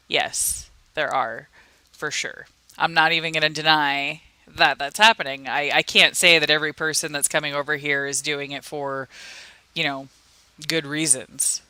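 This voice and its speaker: A woman's voice: low voice, sharp tone, smooth, no echo. A woman hosting a casual morning crime recap, chatty and dramatic, who laughs often as she tells stories from home. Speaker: crime news host.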